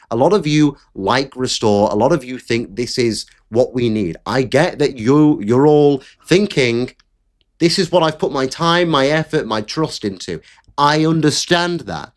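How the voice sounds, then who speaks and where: A man ranting through his own political commentary, blunt and openly fed up. His pitch rides up and down a lot as he talks. There are occasional faint clicks under his voice. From Britain. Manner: blunt, exasperated, sweary.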